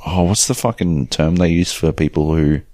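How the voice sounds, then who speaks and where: A man's voice: sits low, normal speed, mellow, no echo. A man co-hosting a podcast in casual, sweary chat, reading listener emails aloud. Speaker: podcast co-host.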